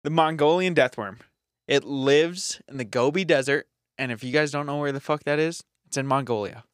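A man's voice: on the high side, moderate pace, smooth, no echo, studio quality. A young man co-hosting a casual podcast, reading facts aloud in a laid-back way, swearing and laughing as he goes. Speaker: podcast co-host.

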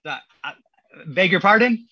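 A man in his thirties, a podcast guest telling stories in a casual, animated way and acting out the people he quotes. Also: high voice, moderate pace, husky, no room sound, highs cut off. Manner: animated, acts out quotes in voices. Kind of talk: casual storytelling.

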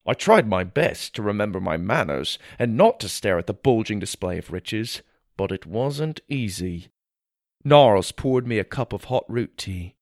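A man's voice: lowish voice, unhurried, no echo. Guy reading a kids fantasy story first person, voice swings all over, dry close sound. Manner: expressive, wonder-filled storytelling. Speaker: narrator.

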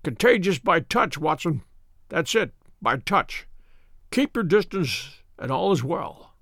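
A man voicing a gaunt, feverish sick detective who speaks in a feeble, croaking voice with sharp, imperious commands. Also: fairly high pitch, big pitch swings, takes it slowly, no echo, studio quality, heavily acted.

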